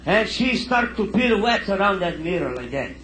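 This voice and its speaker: A man telling stand-up jokes in broken immigrant English, in an animated storytelling manner before a live audience. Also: high voice, moderate pace, a little hiss or hum. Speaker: stand-up comedian. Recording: echoey live room recording. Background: audience laughter.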